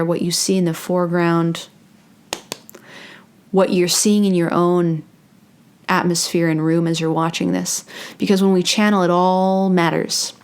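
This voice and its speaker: Young female spiritual host, low-ish voice, casual and playful, whispered asides. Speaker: spiritual channeler and meditation host. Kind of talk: casual channeling talk to camera.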